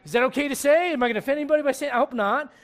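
A man preaching a sermon in church, humorous and animated, dropping to quiet asides and rising to shouts. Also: very high voice, rapid-fire. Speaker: pastor.

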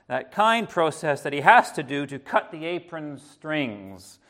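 Earnest preacher, slightly high voice. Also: male voice, big pitch swings. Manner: earnest, halting, with many restarts and soft asides. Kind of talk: evening sermon.

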